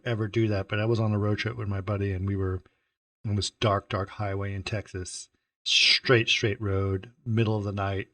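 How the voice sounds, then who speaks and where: A man co-hosting a casual film podcast, retelling comedy sketches with lively acted-out voices. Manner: animated storyteller, acts out sketch characters in a lowered voice. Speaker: podcast co-host.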